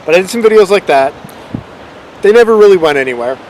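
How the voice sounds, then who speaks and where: Talking fast and expressively in a high-pitched voice, a channel host rambles casually and self-deprecatingly about how his videos came to be, in an unscripted vlog. There's noise in the background.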